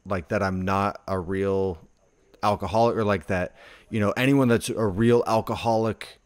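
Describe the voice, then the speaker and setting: Low-voiced man telling stories casually. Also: fairly even intonation, moderate pace, no echo. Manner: rambling storyteller, heavy on "like". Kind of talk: casual conversation.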